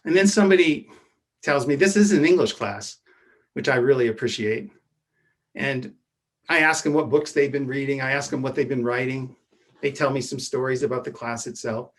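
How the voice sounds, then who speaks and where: A man telling a true personal story from his youth, in a measured way that often drops to a hushed voice. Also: mid-range voice. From Edwardsville, Illinois.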